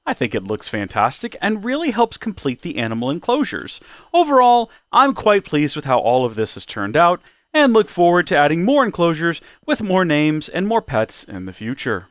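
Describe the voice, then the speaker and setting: A man's voice: a little high, no echo, clean studio sound. A man hosting a Minecraft let's play, talking in a playful mock presenter tone and rambling through self-corrections. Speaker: Minecraft channel host.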